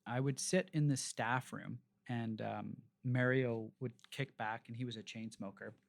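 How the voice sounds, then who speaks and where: A man with a gravelly, creaky voice at a middling pitch tells loose, rambling stories from his working life. He talks casually, with lots of fillers and self-corrections, as a guest on an interview podcast. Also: measured pace. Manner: rambling, animated anecdotes with frequent fillers and restarts.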